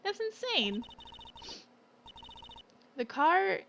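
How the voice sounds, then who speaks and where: A woman's voice: extremely high pitch, big pitch swings, extremely slow, background noise, pitched above the performer's own voice, heavily acted. A woman voicing a wry young male defense lawyer who makes dry, musing asides. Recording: game music behind.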